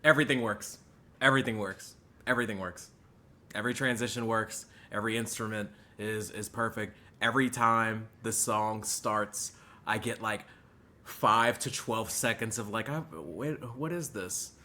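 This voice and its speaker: A man's voice: fairly low pitch, moderate pace. A young man giving a live album reaction as a music reviewer, chatty and leaning heavily on filler words. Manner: animated, chatty, leans heavily on "like".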